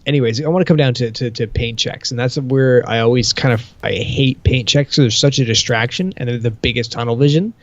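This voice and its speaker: A man's voice: medium pitch, a little fast, hardly any pauses, dry recording, lo-fi sound. A man co-hosting a casual podcast, telling long rambling stories, swearing freely and acting out quoted dialogue. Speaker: podcast co-host.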